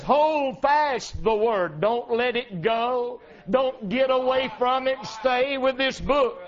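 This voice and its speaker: A man's voice: very high-pitched, fairly bright tone, muffled recording. A man preaching a fervent revival sermon, rhythmic and punctuated with calls of amen, as a traveling preacher.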